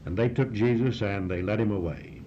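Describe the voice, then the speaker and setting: A man preaching a sermon, retelling a scripture passage and reading from it with comments and rising emphasis. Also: brisk. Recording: dull lo-fi recording with faint hiss and rumble.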